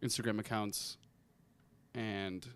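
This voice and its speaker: A young man co-hosting a casual podcast, talking in a laid-back way with plenty of ums and quick reactions. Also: fairly low pitch, fairly even intonation, fairly bright tone, clean tone. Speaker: podcast co-host.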